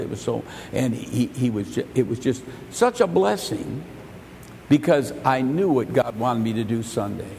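A male pastor preaching a sermon. He stumbles over repeated words and swings between loud and soft. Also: mid-range voice, animated, normal speed, creaky, long reverb tail, a little hiss or hum. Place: church sanctuary.

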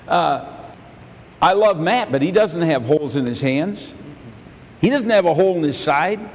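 A male pastor preaching a sermon. He stumbles over repeated words and swings between loud and soft. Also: a little high, expressive, normal speed, big-room sound. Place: church sanctuary.

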